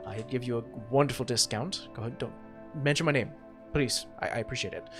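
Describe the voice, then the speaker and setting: A man voicing a boastful, chatty human tour guide in a tabletop game, salesy and smooth-talking. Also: mid-range voice, quick pace, over music, pitched below the performer's own voice, natural voice.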